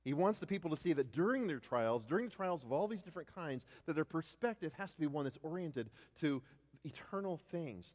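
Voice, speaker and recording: A man's voice: on the high side, animated, a little fast. Preacher man in a reverberant hall. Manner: stammering restarts, swings from loud declarations to hushed tones. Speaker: pastor. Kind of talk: sermon.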